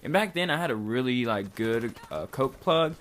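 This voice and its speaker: A man's voice: medium pitch, expressive, moderate pace, fairly bright tone, a little hiss or hum. A young man from Kentucky casually telling a long rambling story, full of slang and filler words. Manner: rambling, loose slang, lots of likes and dudes. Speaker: vlogger.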